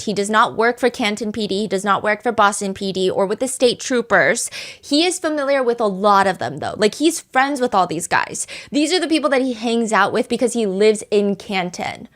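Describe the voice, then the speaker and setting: Female podcast host narrating true crime with a relaxed, conversational flow. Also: mid-range voice. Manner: chatty, lively retelling with quoted voices.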